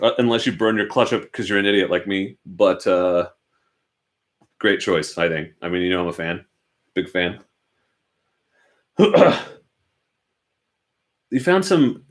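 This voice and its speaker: Man, low voice, young adult, casual livestream chat, rambling, self-deprecating, home garage. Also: unhurried, long pauses. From Oregon, United States. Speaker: motorcycle channel host. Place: cluttered home garage with motorcycles.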